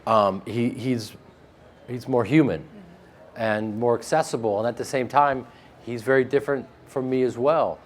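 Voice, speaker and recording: A man from the American Midwest with a flat Midwestern accent, answering interview questions about his acting work in a joking, self-mocking way. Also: mid-range voice, normal speed, a little hiss or hum. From Chicago, American Midwest. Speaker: actor being interviewed.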